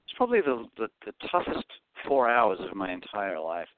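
An Australian man with a deep voice that swings widely as he spins stories and slips into other people's voices. The sound is dry and squeezed, as if over a phone line. He talks like a comedian telling stories as an interview guest. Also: normal speed, background noise. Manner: animated, acts out voices in his anecdotes. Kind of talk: storytelling interview.

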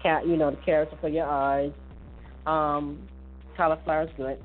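A woman's voice: sits low, flat delivery, normal speed, slight background noise. A woman hosting a casual tips show, chatting loosely with many fillers and restarts. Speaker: host giving health tips. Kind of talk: casual chat. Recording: tinny phone-like audio with faint music.

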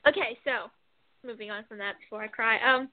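A woman co-hosting a casual chat show, rambling and animated as she retells scenes with lots of fillers. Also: a little high, fairly quick, dry recording. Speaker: co-host. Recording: phone-like dry sound.

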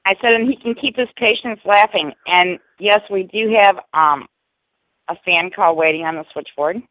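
A man's voice: high-pitched, normal speed, dry recording. A man co-hosting a casual radio chat and handling the callers, laid-back and offhand. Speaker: show producer and co-host. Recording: tinny phone-line audio.

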